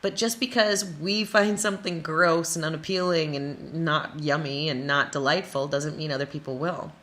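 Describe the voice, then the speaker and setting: A woman from Wisconsin with a bright, forceful tone sitting a little low in pitch. She speaks as a motivational coach and builds her points in emphatic runs of repeated phrases. She drops in playful, silly asides along the way. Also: steady tone, normal speed. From Wisconsin, USA. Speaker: creative coach. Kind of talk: motivational talk to camera.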